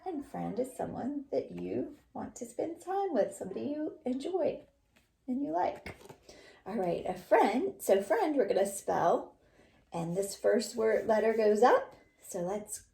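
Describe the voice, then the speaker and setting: A woman teacher giving a lesson to young children, speaking slowly and clearly. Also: fairly high pitch, very animated, mellow, reverberant. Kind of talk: classroom lesson.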